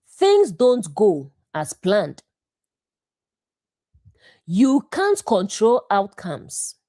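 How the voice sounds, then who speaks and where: A woman giving a scripted devotional Bible teaching, speaking in short, deliberate phrases with a measured delivery. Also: medium pitch, warm tone, no echo, studio quality.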